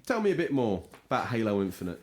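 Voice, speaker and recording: A man's voice: on the low side, big pitch swings, quick pace, a little mellow. A man co-hosting a casual gaming podcast, teasing his co-host and slipping into hammy voice impressions. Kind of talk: jokey casual podcast chat.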